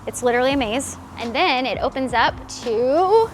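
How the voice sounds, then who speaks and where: A woman's voice: sits high, expressive, moderate pace, a little hiss or hum. A woman giving a casual house tour vlog outdoors in her backyard, chatty and upbeat, a little out of breath. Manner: chatty, upbeat, filler-heavy. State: out of breath from carrying a child.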